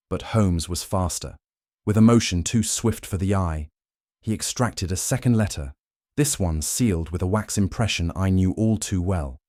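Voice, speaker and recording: Storybook narrator, man, formal and measured, deep mellow tone. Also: dry recording, studio quality.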